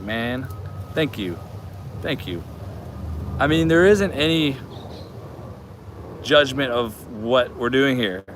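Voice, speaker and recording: A man in his forties chats through a casual phone livestream from his garage. He reads viewer comments aloud in an upbeat, affectionate way, and his voice sits at an ordinary middle pitch with a faint hiss of background noise. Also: a bit bright. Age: 40s. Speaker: livestream host.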